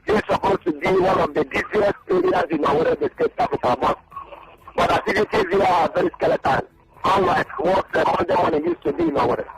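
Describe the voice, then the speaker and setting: Emphatic journalist, gravelly and lively. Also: male voice, high voice, fast talker, over loud music, low-quality recording. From Nigeria. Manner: emphatic, repeats points. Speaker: journalist guest. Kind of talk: phone-in radio interview.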